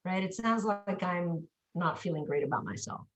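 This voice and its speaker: In a coaching interview over video call, a woman speech coach speaks on the low side at normal speed. She's animated, pronouncing words aloud to illustrate her points, and the room is echoey.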